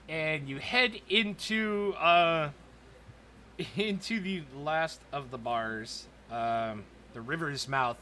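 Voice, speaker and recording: A man narrating a tabletop role-playing game as dungeon master, in a casual, halting way. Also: fairly high pitch, sharp tone, slight background noise. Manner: casual, hesitant with fillers.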